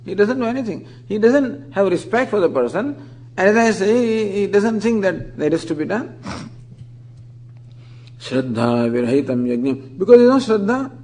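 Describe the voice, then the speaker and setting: A man giving a scripture lecture. He says Sanskrit terms slowly, then explains them in English. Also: high voice, sing-song, mellow, low-quality recording. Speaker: scripture teacher.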